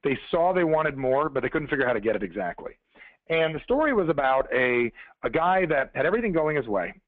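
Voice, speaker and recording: Male motivational speaker, quick and conversational, slightly high voice, phone-call quality. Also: very animated, no room sound. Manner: fast, conversational, addressing listeners directly. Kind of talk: motivational storytelling on a conference call. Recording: tinny phone-line call.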